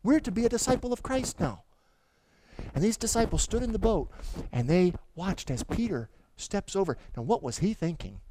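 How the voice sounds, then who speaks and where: A middle-aged man preaching in a high, bright voice. He tells his story eagerly and trips over repeated words as he speeds up. He keeps turning to the congregation with questions. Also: normal speed. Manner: animated storytelling with stammered restarts; asks the audience questions. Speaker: pastor. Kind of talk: sermon.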